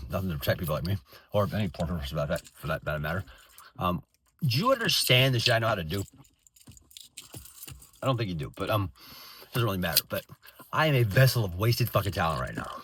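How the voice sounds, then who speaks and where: A man's voice: low-pitched, animated, quick pace, pauses often, fairly bright tone, slight background noise. A man in his thirties ranting bitterly in a profane, rambling way with many restarts. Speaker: veteran vlogger. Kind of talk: angry unscripted rant.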